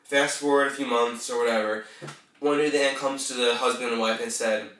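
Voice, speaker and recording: A man's voice: medium pitch, steady tone, a little fast, a bit bright. A man hosting a podcast, talking casually in a coaching tone, swearing now and then and tending to mumble. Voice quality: tends to mumble. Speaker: podcast host. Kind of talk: casual self-help monologue. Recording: roomy, distant from the mic.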